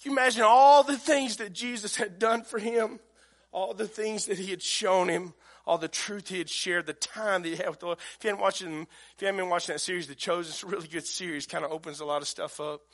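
Male pastor, middle-aged, folksy conversational sermon delivery, bright tone. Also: sits high, steady tone, brisk.

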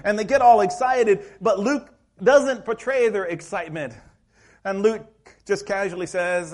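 A male pastor preaching a sermon in a church, telling the story in a lively, acted-out way. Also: high voice, normal speed. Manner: animated storytelling, acts out scenes.

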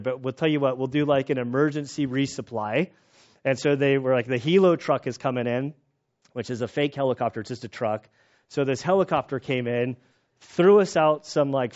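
A man preaching a sermon, telling stories with animated retellings and laughter. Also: mid-range voice, lo-fi sound. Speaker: pastor.

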